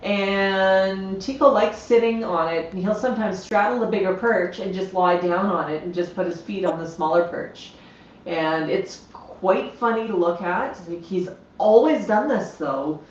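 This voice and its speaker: A woman chats at an unhurried pace on a home livestream, explaining parrot habits and talking to her birds. The sound is very echoey and a bit dull and lo-fi, with faint noise behind her. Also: mid-range voice. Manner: chatty, explains bird behavior while talking to her parrots. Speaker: livestream host with pet parrots. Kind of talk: casual livestream chat.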